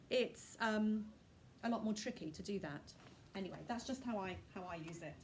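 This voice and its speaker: A woman's voice: on the high side, darkish tone. A woman, a primary school teacher thinking aloud as she models her writing in a chatty recorded lesson. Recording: distant mic, faint room noise.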